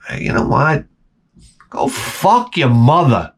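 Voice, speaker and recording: A man's voice: medium pitch, wildly swooping pitch, slow, pauses often, husky. A man in his forties hosting his channel, ranting and grumbling with plenty of swearing as he jumps between complaints. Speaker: channel host. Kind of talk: profane comedic rant.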